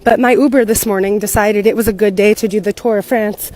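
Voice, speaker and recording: An American woman in young adulthood, telling a story to camera in a chatty, animated way and swearing freely. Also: mid-range voice, brisk. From United States. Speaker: content creator living abroad.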